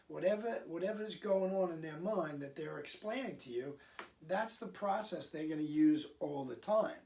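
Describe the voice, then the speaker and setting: A man's voice: a little high, creaky, darkish tone. A man with a slightly raised voice talks parents through advice in an easygoing, conversational way, breaking into short acted-out lines of parent and child. He sits a bit back from the mic, so the sound is slightly distant. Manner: conversational, acts out parents and kids in quick asides. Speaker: parenting coach. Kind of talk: casual advice talk to camera.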